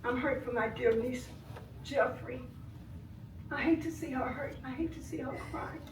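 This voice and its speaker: An older woman giving impassioned public comment at a board meeting, swinging between soft grief and loud anger. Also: high-pitched, moderate pace, background noise. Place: village board meeting room. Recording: echoey room, voice from far off.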